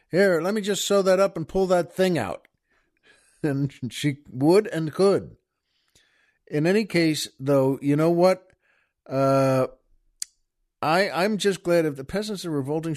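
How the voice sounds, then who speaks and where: An older man hosts his own show in a loose, wandering monologue, stopping for fillers and soft laughs. His voice sits a little high for a man, and his manner is chatty and folksy. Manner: folksy, chuckling, meandering with many fillers and restarts. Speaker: podcast host. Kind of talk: casual rambling monologue.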